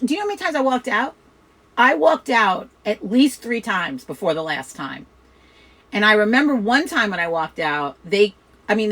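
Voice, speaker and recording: Loud, low-pitched woman with a New York accent. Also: rough recording. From Chicago. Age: middle-aged. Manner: loud, fast, swears a lot. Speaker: host of a witchcraft chat. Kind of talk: casual chat.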